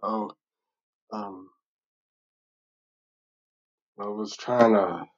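A man hosting a casual commentary, talking slowly and haltingly with fillers. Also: on the low side, steady tone, dull audio. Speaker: host reacting to videos.

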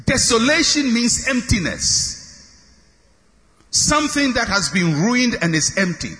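A male preacher with a high, bright voice that swings widely as he leads call-and-response. He drives his points home with repeated, forceful declarations that rise to shouts, and his voice rings through a reverberant hall. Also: animated, slow. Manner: emphatic, call-and-response with congregation; repetitive declarations building to shouts. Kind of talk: sermon.

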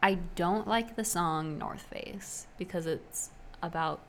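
Relaxed young woman with many ums. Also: fairly low pitch, slow pace, a little hiss or hum. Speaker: podcast co-host. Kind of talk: casual chat.

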